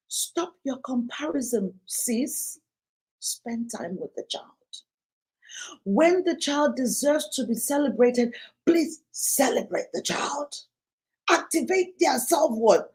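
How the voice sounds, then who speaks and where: A parenting coach speaks at a conference in a motivational, preachy way, hammering her key lines and voicing parents and children. She has a high voice with lively intonation and a darkish tone, speaks slowly, and the recording is low quality.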